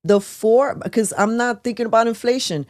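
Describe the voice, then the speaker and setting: A woman co-hosting a talk show, speaking in a measured way with hesitant fillers as she cites figures. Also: fairly high pitch, a little mellow, no room sound, studio quality. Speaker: podcast co-host. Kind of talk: casual political talk.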